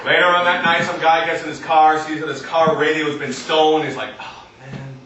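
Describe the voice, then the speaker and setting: A man doing a deadpan stand-up comedy set in front of a live audience, acting out other voices. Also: on the high side, fairly quick, highs cut off. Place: comedy stage in an arts center, live audience. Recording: echoey venue recorded from a distance, noisy.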